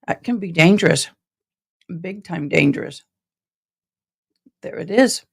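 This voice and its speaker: Slow-talking chatty woman streamer. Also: on the low side, expressive, gravelly, slightly rough. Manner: chatty, rambling, reads out viewer comments; self-described passionate and direct. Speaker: trial commentary live-streamer. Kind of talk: casual live-stream chat.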